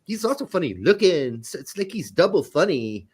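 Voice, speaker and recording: Comic bit: a man doing a gushing valley girl, raised pitch, lively, lots of "like". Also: moderate pace, slightly rough, full character voice. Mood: gossipy. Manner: rambling, full of "like". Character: airheaded valley girl gushing, young woman.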